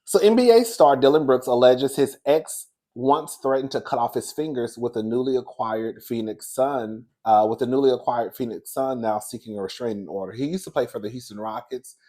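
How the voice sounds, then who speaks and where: Man spilling celebrity gossip, chatty, calls everyone girl. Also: mid-range voice. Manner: chatty, animated, calls listeners "girl" and "baby". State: out of breath. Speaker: commentary host. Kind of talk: casual gossip commentary.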